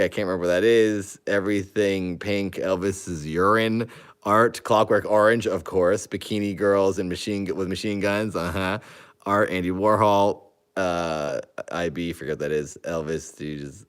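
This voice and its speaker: A man in his thirties with a low, clear, resonant voice hosts a casual chat while leafing through an old yearbook. Amused and rambling, he reads entries aloud and often trails off into mumbles.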